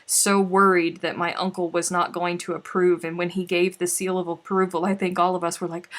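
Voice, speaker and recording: A woman's voice: fairly low pitch, level tone, a little fast, hardly any pauses, fairly bright tone. A woman hosting a casual craft livestream, chatting and reading out viewer comments with sighs and laughs. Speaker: livestream host. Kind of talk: casual chat while crafting.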